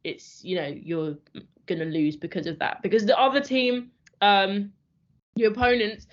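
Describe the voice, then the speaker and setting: Young woman, student trainer, calm and reassuring, mid pitch, dull lo-fi recording. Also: a little slow. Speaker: mooting society trainer. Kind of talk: instructional training talk.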